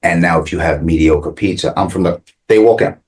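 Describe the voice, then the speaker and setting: Chatty and full of "like," a man who owns a pizzeria swaps stories on a local business podcast, acting out the quotes. He speaks briskly in a low-pitched, slightly mellow voice.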